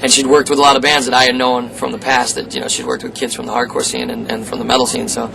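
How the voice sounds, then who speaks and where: A man's voice: medium pitch, quick pace, creaky, pushed and bright. A man, a metal vocalist, talking casually in an interview, rambling with many fillers. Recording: noisy location interview.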